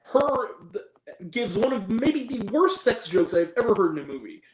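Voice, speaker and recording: A man tears into a film in a sarcastic, exasperated review, his pitch swooping widely as he rants. His laughter slips in at the absurd parts. The voice carries a roomy echo. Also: very animated, moderate pace. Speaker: movie reviewer.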